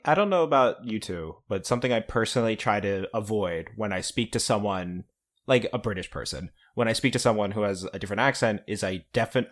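Lower-voiced man, hesitant. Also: fairly bright tone. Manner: hesitant, filler-heavy. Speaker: podcast co-host. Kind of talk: casual chat.

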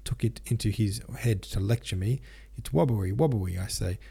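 A hot-tempered hussar captain who blusters and lisps, turning his r sounds into w, put on by a man reading aloud. The voice sits low and dark, full of gruff audiobook bluster. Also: steady tone, moderate pace. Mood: hoarse, furious. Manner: lisping, r sounds as w; loud, blustering.

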